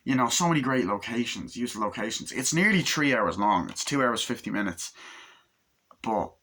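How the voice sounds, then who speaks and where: A man's voice: mid-range voice, expressive, normal speed, pushed and bright, slight background noise. A young man in his twenties reviewing a film in casual chat, rambling and enthusiastic, swearing constantly. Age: 20s. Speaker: movie reviewer.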